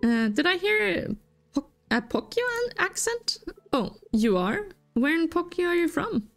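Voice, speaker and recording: A woman's voice: extremely high pitch, big pitch swings, a little slow, faint music behind, pitched above the performer's own voice, heavily acted. A woman reading aloud the lines of a friendly, curious island villager in a video game. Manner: reads the dialogue box aloud.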